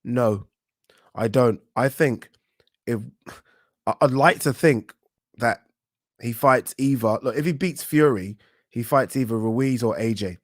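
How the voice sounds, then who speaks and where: A man hosts a casual live stream about boxing, reading out viewer comments and answering them in a frank, animated way. His voice sits at an ordinary middle pitch. The sound is dry and close, with almost no room around it. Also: a little slow, long pauses, no room sound. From England. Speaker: boxing channel host.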